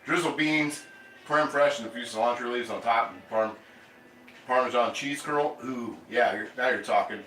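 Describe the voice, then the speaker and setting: A man's voice: medium pitch, moderate pace, pushed and bright, echoey room, a little hiss or hum, low-quality recording. Chatty man hosting a cooking stream. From Ohio. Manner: chatty, rambling, reads out viewer comments. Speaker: cooking channel host. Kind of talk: casual livestream cooking chat. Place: home kitchen.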